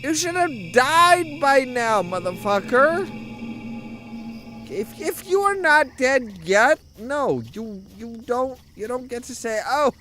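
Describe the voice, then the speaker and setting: A man's voice: very high-pitched, expressive, takes it slowly, sharp tone, faint music behind. A man commentating a video game, rambling and swearing as he jokes about the story. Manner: rambling, profane, joking. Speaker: let's play commentator. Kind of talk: gaming commentary.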